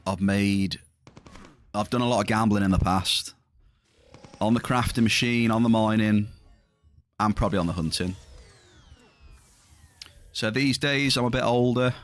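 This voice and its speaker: A man's voice: on the low side, measured pace, long pauses. A middle-aged man chatting casually to viewers during a livestream, rambling, his voice slightly strained. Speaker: livestreaming gamer.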